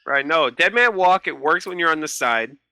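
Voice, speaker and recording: A man in his twenties, a podcast guest in casual chat, telling animated stories and swearing freely. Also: fairly high pitch, normal speed, clean tone, dry recording.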